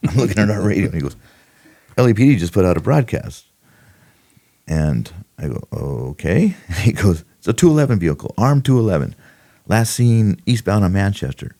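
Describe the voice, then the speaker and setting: A deep, gravelly older man spins animated stories and laughs as he goes. His voice rises and falls widely, and he breaks into quoted voices mid-story. The tone is easy, loose, chatty interview talk. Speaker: retired homicide detective, podcast guest.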